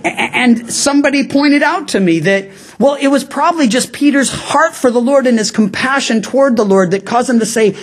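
A man's voice: very high voice, moderate pace, hardly any pauses. A man preaching an expository Bible teaching sermon as pastor, in a conversational way with frequent asides, acting out quoted lines.

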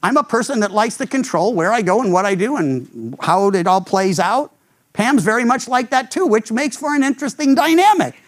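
Pastor, male, lively sweeping delivery that jumps up to voice the people he quotes. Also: moderate pace. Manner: animated, acts out quoted speakers with big pitch jumps. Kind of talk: expository sermon.

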